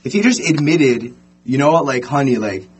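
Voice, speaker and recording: Young man, husky voice, casual podcast storytelling, animated. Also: fairly high pitch, moderate pace. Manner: animated, filler-heavy storyteller.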